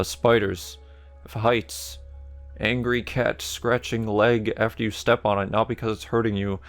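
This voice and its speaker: A man hosting a let's play, reacting to a game with wry, joking commentary. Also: lowish voice. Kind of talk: casual gameplay commentary.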